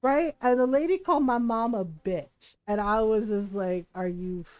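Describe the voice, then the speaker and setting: A woman streamer telling a story in casual chat, animated, laughing often and saying "like" and "right?" a lot. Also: fairly high pitch, normal speed, highs cut off, soft background music.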